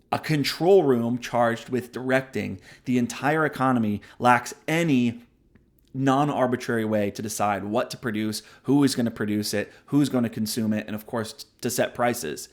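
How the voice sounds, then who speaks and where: A man hosts a book review show and talks through big ideas in a casual, conversational way. He often tags his points with "right?" and admits it when he wanders off on a tangent. His voice sits at an average pitch. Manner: self-aware digressions. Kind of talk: casual spoken commentary.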